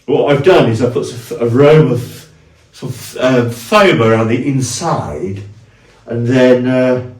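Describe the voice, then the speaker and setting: A man casually walking through his costume, chatty and halting, with fillers and restarts. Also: medium pitch, echoey room, recorded from a distance. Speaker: cosplayer, video host.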